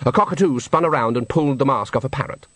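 A man narrating a comic novel in a wry, lively storytelling manner. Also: mid-range voice, fast, dry recording. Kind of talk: audiobook narration.

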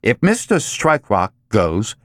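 A man voicing a polite, formal male android that speaks in a stiff, measured way. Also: fairly low pitch, wildly swooping pitch, dry recording, clean studio sound.

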